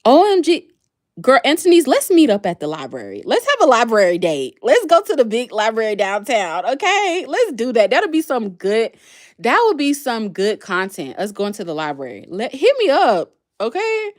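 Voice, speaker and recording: Woman, livestream host, casual chat, answers viewer comments, animated pitch. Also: moderate pace. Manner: chatty, reads and answers comments aloud.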